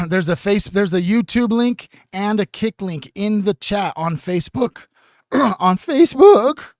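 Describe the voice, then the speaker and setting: Guy streaming from home, kinda high voice, rambles and swears a lot, clears his throat, dry mic. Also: a little slow, no room sound. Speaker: livestream host. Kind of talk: casual livestream chat.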